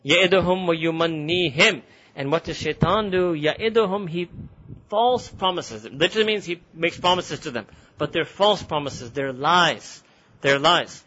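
Male Quran teacher, rapid, animated and laughing, high and bright voice, lo-fi lecture recording. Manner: animated, laughs often, switches between English and Urdu. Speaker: religious teacher.

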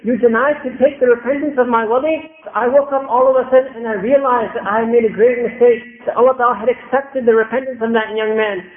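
A man's voice: extremely high pitch, steady tone, a little fast, few pauses, voice pushed up. A man voicing a humbled old sheikh. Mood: solemn. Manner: solemn, earnest. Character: humbled elderly male sheikh. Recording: echoey tinny phone-like recording.

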